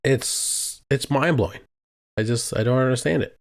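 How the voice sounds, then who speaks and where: Steady young man hosting a podcast. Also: medium pitch, moderate pace, gravelly. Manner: steady, leads the segments, asks questions. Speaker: podcast co-host. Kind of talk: casual chat.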